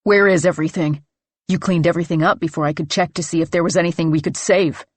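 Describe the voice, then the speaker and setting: A woman voicing a frantic, paranoid young man who shouts accusations breathlessly. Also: fairly low pitch, steady tone, fast talker, dry recording, natural voice. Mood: ranting, accusing.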